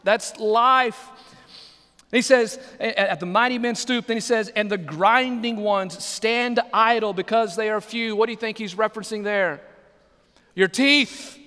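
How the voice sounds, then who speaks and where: A man's voice: sits high, a little slow, sharp tone, clean tone. A male pastor preaching a sermon, joking and asking the congregation questions. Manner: humorous, asks the congregation questions. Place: church sanctuary. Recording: live sermon in a reverberant hall.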